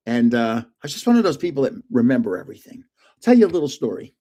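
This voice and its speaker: A man's voice: mid-range voice, very animated, normal speed, dark tone. An older man hosting a casual livestream from home, rambling through anecdotes and chuckling often. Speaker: livestream host.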